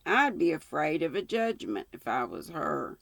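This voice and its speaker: A woman's voice: low-pitched, sing-song, normal speed, vocal fry, no echo, heavily acted. A woman reading the part of a blunt, gossipy older village woman in a storybook reading. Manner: blunt, disapproving.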